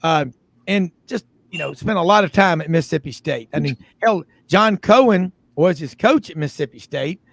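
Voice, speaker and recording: A man's voice: fairly high pitch, expressive, moderate pace, creaky, no echo. A middle-aged man, hosting a sports radio show in a rambling, casual way full of fillers.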